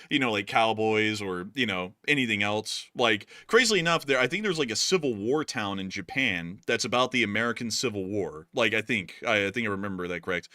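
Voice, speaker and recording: Bright, excitable young man chatting. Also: mid-range voice, dry recording, studio quality. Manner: excitable, laughing, many fillers. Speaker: co-host of a news livestream. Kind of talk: casual livestream chat.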